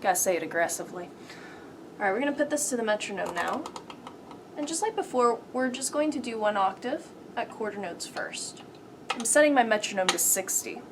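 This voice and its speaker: A woman's voice: medium pitch, expressive, a little fast, noisy background. A woman piano teacher giving a step-by-step lesson, counting beats aloud and calling out rhythms. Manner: patient step-by-step instruction. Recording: piano playing loud under the voice.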